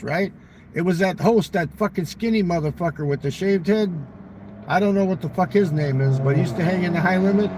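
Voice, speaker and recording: A man's voice: sits high, a little hiss or hum, low-quality recording. A man telling a long, profane casino story in casual talk, acting out the exchanges he quotes.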